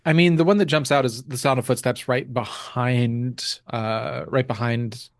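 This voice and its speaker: A man reading game rules aloud and describing scenes in a relaxed way, with many fillers. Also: medium pitch, measured pace, no echo, clean studio sound. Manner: relaxed, full of ums and uhs. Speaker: tabletop game player.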